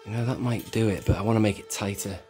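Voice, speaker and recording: A man's voice: on the low side, fairly even intonation, fast talker, a little mellow, soft background music. A man hosting his own channel, talking through a hands-on toy tutorial in a chatty, rambling way that keeps correcting itself. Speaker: toy collector channel host.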